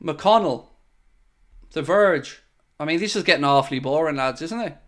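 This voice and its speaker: Excitable man with a high voice streaming a match. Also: normal speed. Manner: excitable, swings between chatty asides and loud bursts at goals; reads out and answers viewer messages. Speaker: streamer hosting a football watchalong. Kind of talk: live casual commentary and chat.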